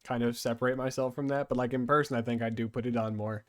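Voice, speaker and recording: Young Southern-accented Texan co-host, chatty and rambling, recorded dry. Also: male voice, medium pitch, steady tone, fast, no room sound. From Texas. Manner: chatty, rambling, self-correcting. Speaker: podcast co-host. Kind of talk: casual chat.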